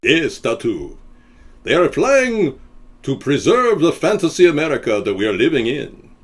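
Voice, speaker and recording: A man doing an impression of a suave older fantasy-island host, with grand, drawn-out, sweeping delivery. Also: a little high, very animated, voice pushed up. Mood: grandiose.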